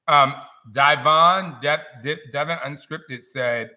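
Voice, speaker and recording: A man in his forties hosting a casual live-stream chat, telling stories in an animated, emotional way. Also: fairly high pitch, takes it slowly.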